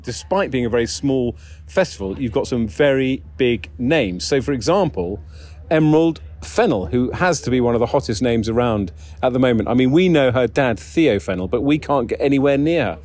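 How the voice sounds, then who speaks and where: A man hosting a podcast interview. His voice is mid-pitched and conversational, and he reads guest introductions with asides and little corrections to himself. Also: lively intonation, normal speed, darkish tone. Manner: jokey, self-correcting, chatty. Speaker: podcast host.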